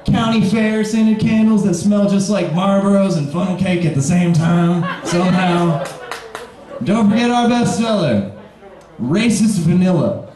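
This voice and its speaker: A man in his twenties from Kentucky doing a live stand-up set with dry, deadpan one-liners and sarcastic pauses. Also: high voice, a crowd in the background. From Kentucky, USA. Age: 20s. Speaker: stand-up comedian. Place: bar pavilion on stage. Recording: very echoey live room.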